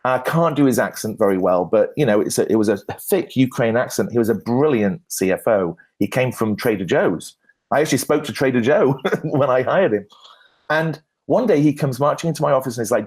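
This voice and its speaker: A man answers questions on a conference stage as a branding expert. He tells his stories in an animated, self-deprecating way, often restarting his sentences and laughing at his own jokes. His voice sits at an ordinary middle pitch for a man. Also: brisk, slightly rough. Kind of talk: conference Q&A talk, anecdotal.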